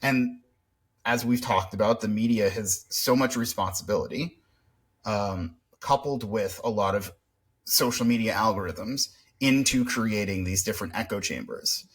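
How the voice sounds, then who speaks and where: A man's voice: fairly low pitch, normal speed, husky. A man co-hosting a podcast in casual, reflective chat, with hesitations and some swearing. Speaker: podcast co-host.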